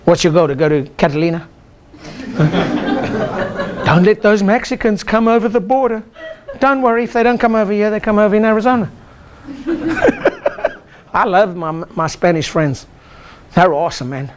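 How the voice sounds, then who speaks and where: A man's voice: sits high, fast, slight background noise. An older man, a chiropractor, giving an exclamatory motivational seminar talk and leading the audience in call-and-response chants. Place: lecture room with a live audience.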